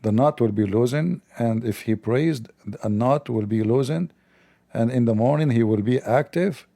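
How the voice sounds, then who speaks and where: Male livestream host, gravelly and dark, sarcastic and mocking, non-native English delivery. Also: medium pitch, moderate pace. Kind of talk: livestreamed commentary.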